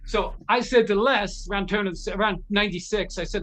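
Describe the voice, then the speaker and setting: A middle-aged man, a guitar repair technician, telling lively anecdotes as an interview guest, acting out the voices of the people he quotes and often restarting his sentences. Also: sits high, brisk. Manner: animated, acts out quoted voices, frequent restarts. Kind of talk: anecdotal storytelling in a conversation.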